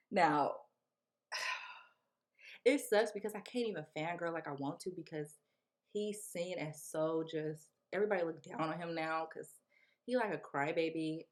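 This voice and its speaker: Young woman, casual storyteller, slang-heavy, expressive melody. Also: sits low. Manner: animated, slangy, acts out quotes. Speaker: vlogger.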